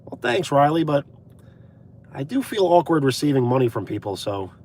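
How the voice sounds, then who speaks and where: A young man from Brooklyn chats easily on a live stream from inside his car. His pitch rises and falls a lot as he thanks viewers by name and drifts between topics. He fills gaps with "uh" and "like". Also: sing-song, moderate pace, a little mellow, slight background noise. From Brooklyn, USA. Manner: chatty, thanks viewers by name, frequent uh and like fillers. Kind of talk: casual live stream chat reading comments.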